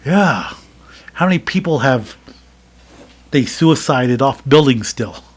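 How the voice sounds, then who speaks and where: Speaking slowly in a husky, animated mid-range voice, this American podcast co-host chats casually and shares opinions. He uses plenty of fillers and often restarts his sentences.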